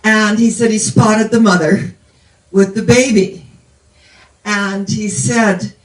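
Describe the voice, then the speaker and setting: A woman's voice: mid-range voice, fairly even intonation, slow pace, long pauses. Older woman preacher, distant roomy sound. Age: 70s. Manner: meandering storytelling. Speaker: minister. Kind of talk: sermon.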